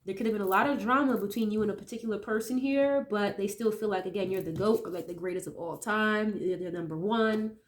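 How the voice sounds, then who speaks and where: Speaking quickly with hardly any pauses at a medium pitch, a woman reads tarot for viewers while getting over a cold that leaves her nasal. She keeps it casual, thinking aloud and sprinkling in tag questions.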